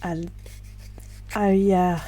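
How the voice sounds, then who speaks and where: A tearful middle-aged woman talks to her camera in a personal vlog. Her voice is soft and reflective, with sighs and small laughs between thoughts. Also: fairly low pitch, little pitch movement, drawn-out words. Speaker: vlogger and self-published author.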